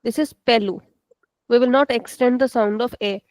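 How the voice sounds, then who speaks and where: A woman's voice: on the high side, fairly even intonation, a little mellow, no echo, rough recording. Patient woman teaching an online class. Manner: slow, patient, repeats words for students. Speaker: Portuguese language teacher. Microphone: video call.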